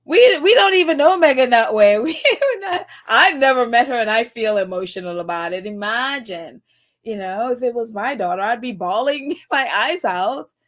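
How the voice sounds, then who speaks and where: Woman on a live stream reading chat, laughing and teary, high voice. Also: lively intonation, moderate pace, fairly bright tone. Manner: gushing, laughing and near tears, reads chat aloud. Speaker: host of a live stream reading viewer comments. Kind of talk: emotional live-stream commentary. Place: New York.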